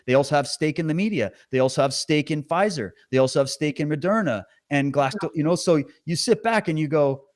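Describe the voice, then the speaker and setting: A man interviewing a guest, animated, sarcastic and indignant, talking heatedly. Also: a little high.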